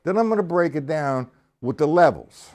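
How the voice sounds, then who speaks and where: A man's voice: a little high, animated, moderate pace, darkish tone. A man giving a live-streamed drum lesson, counting out and calling stickings aloud as he explains each step, with a drum kit playing behind him. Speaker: drum teacher.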